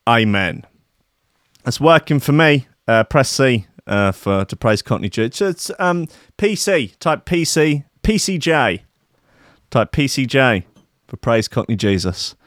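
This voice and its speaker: A man's voice: medium pitch, sing-song, unhurried, dry recording, studio quality. A man hosting a show, chatting in a rambling, profane, joking way. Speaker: show host. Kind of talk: casual chat.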